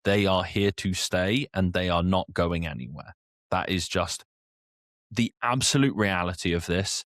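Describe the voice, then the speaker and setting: A man's voice: sits low, a little slow, a bit bright, dry recording, clean studio sound. A man co-hosting a casual podcast, talking in an opinionated, conversational way. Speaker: podcast co-host.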